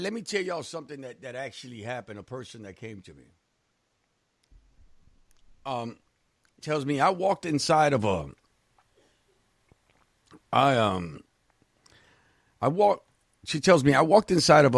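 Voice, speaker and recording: A man's voice: medium pitch, unhurried, gravelly, pauses often, no room sound, clean studio sound. A man co-hosting a casual radio chat, telling stories bluntly and with swearing. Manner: blunt, animated storytelling with profanity. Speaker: co-host.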